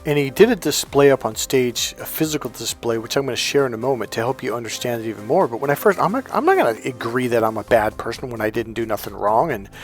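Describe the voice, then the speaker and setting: A man's voice: mid-range voice, lively intonation, fast talker, few pauses, soft background music. A man coaching viewers in a casual monologue, acting out quoted dialogue as he tells stories. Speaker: life coach.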